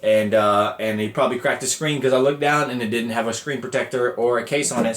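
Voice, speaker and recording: Profane, animated podcast storyteller man. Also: medium pitch, a little fast. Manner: animated, profane, quotes people in raised voices. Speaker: podcast host. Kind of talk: casual storytelling monologue. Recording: echoey room.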